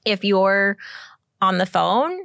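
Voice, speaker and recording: A woman's voice: medium pitch, animated, slow, vocal fry, fairly bright tone, clear, resonant tone, dry recording, studio quality. A woman career coach co-hosting a casual advice chat, upbeat and encouraging as she gives tips. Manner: upbeat, encouraging, advises in a friendly chatty way.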